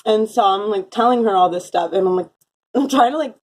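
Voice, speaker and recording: A young woman telling a rambling story in a casual vlog, full of "like" fillers and quick laughing asides. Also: mid-range voice, a little mellow. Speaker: vlogger. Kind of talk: casual chat, recounting a dream. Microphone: phone.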